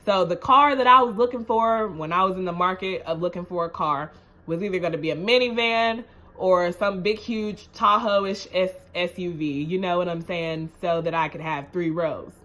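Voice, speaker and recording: A woman's voice: on the low side, normal speed, sharp tone. A woman vlogger telling a story to camera in a casual, chatty way. She speaks earnestly and emotionally, repeats herself, keeps asking "you know what I'm saying?", and builds to rousing encouragement.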